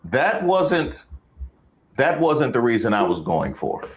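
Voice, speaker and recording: A man's voice: mid-range voice, slow. A man hosting a stream, giving joking commentary on news clips and talking straight to the person in them. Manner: animated, joking, talks straight to the subject of the clip. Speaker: stream host.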